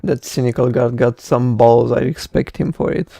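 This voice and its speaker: A man's voice: medium pitch, normal speed, creaky, warm tone, dry recording, faint music behind. A man streaming, casually cracking crude jokes while reacting to a gameplay video. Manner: joking, crude and laughing.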